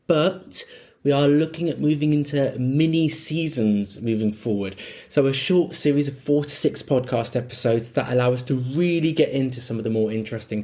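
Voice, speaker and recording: A male podcast host delivers the episode intro in an easygoing, slightly apologetic way. He drops in ums as he goes, and his pitch sits in the middle range. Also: warm tone. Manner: chatty, apologetic, with frequent ums.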